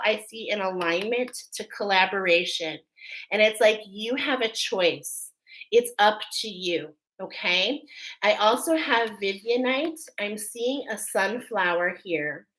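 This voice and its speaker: This is a live oracle card reading by a middle-aged woman from an Irish Catholic family, whose mid-range voice is a bit bright. She chats emotionally, checking in often with "okay?", captured on a low-quality recording.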